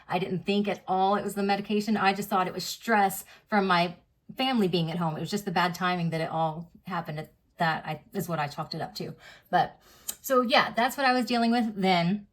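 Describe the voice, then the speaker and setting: A woman's voice: medium pitch, a little fast. Chatty woman telling a personal story. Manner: chatty and unpolished, full of fillers and reenacted dialogue. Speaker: vlogger. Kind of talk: candid personal storytelling to camera.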